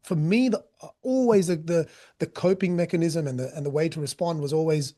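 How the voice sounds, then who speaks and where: A man's voice: a little high, brisk, mellow. A man, a guest telling stories in a candid, joking, rambling way. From Australia. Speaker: guest, street interviewer. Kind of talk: casual storytelling interview.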